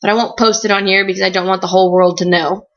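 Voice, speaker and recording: A young woman chatting casually in a video blog, telling animated stories full of "like". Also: mid-range voice, fast talker, dull audio. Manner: chatty, animated storytelling with frequent "like". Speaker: vlogger. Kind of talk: casual chat.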